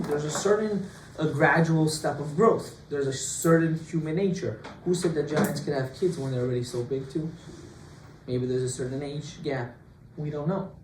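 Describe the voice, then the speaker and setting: A rabbi teaching an informal class, lively and joking, who keeps firing rhetorical questions at his students. His voice sits a bit high for a man. He is recorded from across an echoey room, with a faint hiss underneath. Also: far from the mic.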